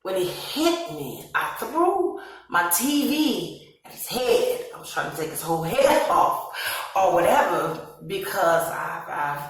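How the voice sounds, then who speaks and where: A woman's voice: mid-range voice, sing-song, takes it slowly. A woman, casually telling her own story on a vlog, laughing often and acting out her past reactions in quoted asides. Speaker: vlogger. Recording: very echoey room, voice from a distance.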